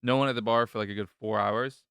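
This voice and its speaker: A man co-hosting a podcast in casual chat, teasing and cracking quick jokes. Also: medium pitch, steady tone, gravelly, a bit bright, clean tone, no echo, studio quality. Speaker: podcast co-host.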